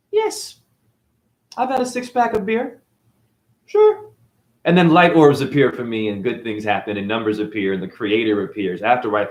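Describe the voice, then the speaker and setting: A man as a spiritual teacher, ranting in a defiant, preachy way, swearing and tossing out mocking asides. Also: medium pitch. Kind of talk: unscripted spiritual rant. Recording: echoey room.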